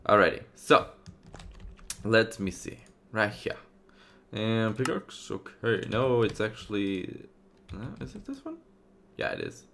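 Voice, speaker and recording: A man hosting a game video in casual let's-play commentary, thinking aloud with many fillers, going from loud upbeat asides to quiet muttering. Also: lowish voice, sing-song, slow, vocal fry, pauses often, a little hiss or hum. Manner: loud upbeat openings, then muttering to himself while searching. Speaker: gaming video host.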